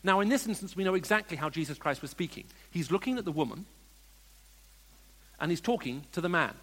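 A man preaching a sermon, moving between hushed storytelling and emphatic questions to the congregation. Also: fairly high pitch, animated, fairly quick, breathy edge. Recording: long reverb of a large hall.

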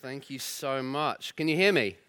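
A man preaching a sermon as pastor in a church, telling stories warmly and acting out the voices in his quotes. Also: mid-range voice, unhurried, smooth, some chatter behind. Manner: warm storytelling with lively voiced quotes. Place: church hall.

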